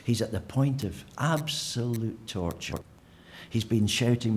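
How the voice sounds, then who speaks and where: A man's voice: mid-range voice, measured pace, darkish tone, slight background noise. A man preaching a sermon in a church, conversational and full of fillers and restarts.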